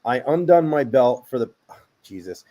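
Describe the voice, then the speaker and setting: A man's voice: medium pitch, lively intonation, moderate pace, mellow. Man reading stories, plain mid voice. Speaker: podcast co-host. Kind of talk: casual chat, reading stories aloud.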